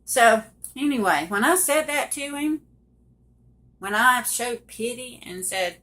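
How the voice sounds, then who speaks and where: A woman's voice: on the high side, animated, takes it slowly, bright, forceful tone. A middle-aged woman telling a personal story straight to the viewers, emphatic and direct. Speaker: survivor telling her story.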